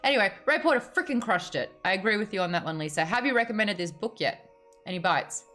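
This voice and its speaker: A woman's voice: medium pitch, lively intonation, fast, pushed and bright, soft background music. An Australian woman hosting a casual book chat on a video call, bubbly and chatty. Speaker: host.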